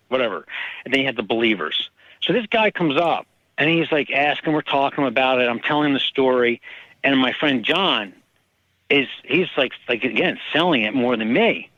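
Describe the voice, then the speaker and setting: A man, an author, telling personal stories in casual conversation and lively acting out the people in them. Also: mid-range voice, brisk, no echo, muffled recording. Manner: animated, acts out quoted people. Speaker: author guest. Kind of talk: casual storytelling.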